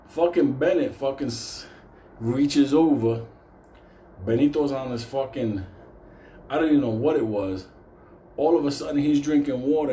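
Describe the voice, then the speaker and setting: Man, swearing storyteller, mellow voice, echoey room. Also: medium pitch. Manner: profane, animated, swears constantly. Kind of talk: casual spoken storytelling.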